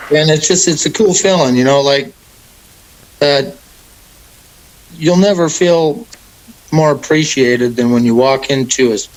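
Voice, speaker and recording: A young man, a mixed martial arts fighter, answering interview questions in a relaxed, rambling way with many fillers. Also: medium pitch, slow pace, pauses often, poor audio. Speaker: MMA fighter, guest.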